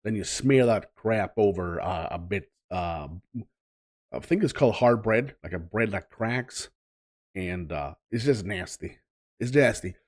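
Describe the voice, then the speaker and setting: Swedish man with a low voice, blunt reactions. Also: expressive. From Sweden. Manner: blunt, halting, many fillers. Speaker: reaction channel host. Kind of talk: casual reaction commentary.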